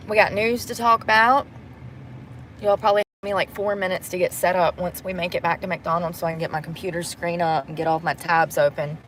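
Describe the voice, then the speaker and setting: A woman's voice: fairly low pitch, steady tone, a little fast, fairly bright tone, slight background noise. Chatty woman vlogging from truck. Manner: candid, rambling, salty language. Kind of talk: casual chatty livestream. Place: inside a truck at a gas station.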